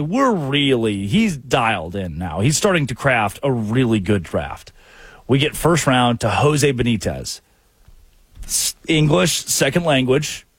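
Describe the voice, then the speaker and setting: Animated man telling jokey sports stories. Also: on the high side, husky, no echo, clean studio sound. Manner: animated storytelling with voiced quotes. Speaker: sports talk show host. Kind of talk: comic sports talk.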